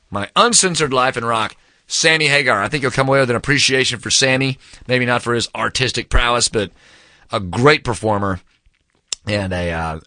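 A man's voice: medium pitch, pushed and bright, no room sound, clean studio sound. A man casually recommending a book, telling a long rambling anecdote in a laid-back way, full of fillers and calling the listener "man". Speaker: book reviewer.

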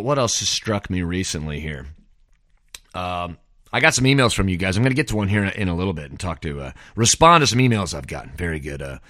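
A man's voice: fairly low pitch, sharp tone, dry recording, clean studio sound. A middle-aged man hosting a podcast, rambling through a wry, casual solo monologue full of "man" and "dude.". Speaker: podcast host.

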